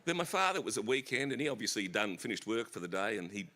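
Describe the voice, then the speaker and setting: A middle-aged Australian man telling family stories as an author guest on a festival stage, animated and laughing. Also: lowish voice, fast. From South East Queensland, Australia. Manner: animated, bursts into shouted impressions and laughter.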